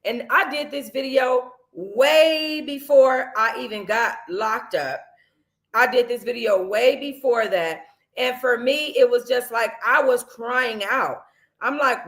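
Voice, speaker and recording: A woman's voice: on the high side, slow pace, a bit bright. A woman hosting a talk podcast, speaking in an emotional, impassioned way in casual commentary. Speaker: podcast host.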